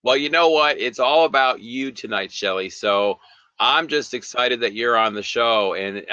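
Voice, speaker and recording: Bright-voiced giggly male host. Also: medium pitch, expressive, a little slow, clean tone, dry recording. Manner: giggly, reads chat comments aloud. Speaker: podcast host. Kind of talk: casual chat, reading viewer comments. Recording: dull lo-fi sound.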